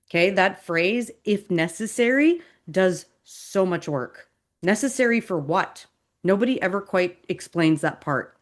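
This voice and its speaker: A woman hosting a podcast, giving a sarcastic, animated commentary monologue. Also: lowish voice. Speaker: podcast host.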